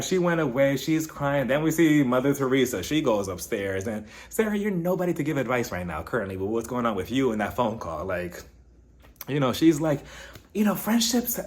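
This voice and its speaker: A man in the middle of a casual reality show recap, his voice sitting at an ordinary pitch. He talks in an animated, gossipy way and now and then jumps way up high to mimic the cast. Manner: animated, shifts into high-pitched impressions when quoting. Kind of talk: casual commentary.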